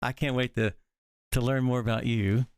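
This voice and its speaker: A man's voice: mid-range voice, fairly even intonation, normal speed, darkish tone, clean tone, no echo, studio quality. A man interviewing a couple, asking questions and encouraging with short affirmations.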